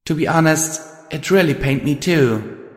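A man voicing an otherworldly female spirit living inside the hero's mind, speaking softly and hesitantly. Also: a little high, expressive, a little slow, roomy sound, big-room sound, voice pushed up. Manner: soft, hesitant.

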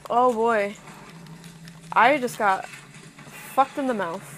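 A woman's voice: a little high, very slow, a little hiss or hum. Swearing woman narrating her gameplay. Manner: swears often, reacts loudly to scares, mutters to herself. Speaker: gameplay streamer. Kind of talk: casual let's-play commentary.

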